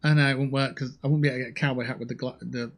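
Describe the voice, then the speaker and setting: A man's voice: medium pitch, fairly even intonation, racing. A man chatting casually on a gaming livestream, joking and swearing at opponents while he plays and talking into a headset mic. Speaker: streamer playing a shooter game.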